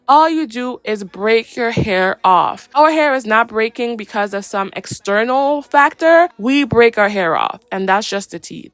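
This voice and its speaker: Chatty, sassy woman with a high voice. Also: fairly bright tone, no echo. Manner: chatty, playful, sassy slang. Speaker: hair care vlogger. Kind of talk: casual voice-over tutorial.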